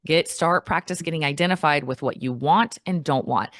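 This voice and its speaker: A woman with a low speaking voice talks as a guest coach in a relaxed interview. She is lively and jumps into playful quoted replies. The sound is dry and close. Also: moderate pace, no echo. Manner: animated, acts out quoted replies in a higher voice. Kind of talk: casual interview chat.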